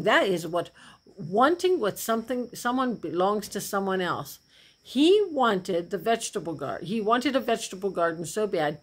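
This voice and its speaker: A woman Sunday school teacher telling a Bible story to children, asking them questions as she goes. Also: mid-range voice. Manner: animated, asks the kids questions.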